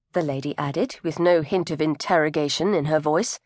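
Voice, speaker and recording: A woman narrating an audiobook in a crisp, measured storytelling voice, close to the microphone. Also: low voice, darkish tone, no room sound. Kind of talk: scripted narration.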